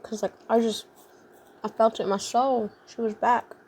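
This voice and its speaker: A woman's voice: fairly high pitch, fairly even intonation, normal speed, a little mellow, a little hiss or hum. A young adult woman vlogger telling a casual storytime, rambling and full of fillers like "like" and "um".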